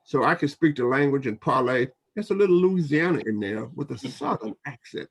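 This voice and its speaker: A man's voice: mid-range voice, lively intonation, a little fast, gravelly, fairly bright tone, husky. An older man, a professor, speaking in a roundtable discussion in a rambling way that often repeats words.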